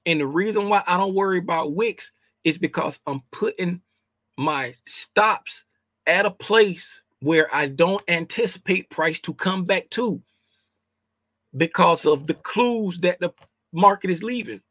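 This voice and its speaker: A man's voice: sits high, measured pace, fairly bright tone, dry recording, clean studio sound. A man casually teaching a trading lesson, emphatic and repetitive, using slang and often asking "right?". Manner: informal slangy speech. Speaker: trading educator.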